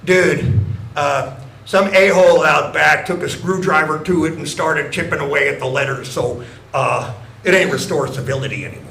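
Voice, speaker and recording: A slacker young car wash manager drawls through his excuses, as an older comedian puts him on. The voice is high and bounces around a reverberant club. Crowd murmur and room noise stay clearly audible. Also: normal speed, pushed and bright. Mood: sheepish. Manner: drawling, says dude.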